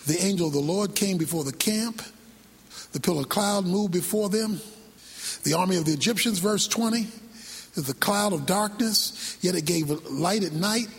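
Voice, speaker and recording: A male preacher delivering a sermon, building to shouts and sung lines. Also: high voice, moderate pace, breathy edge, big-room sound. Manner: whooping, shouts and sings lines.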